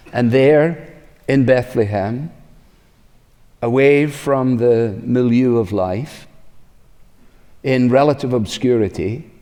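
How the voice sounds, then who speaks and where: A man preaching a sermon, slowing down for weight and acting out questions with a rising voice. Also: medium pitch, big-room sound. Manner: expressive preaching, slows for emphasis, acts out questions in a rising voice. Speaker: pastor.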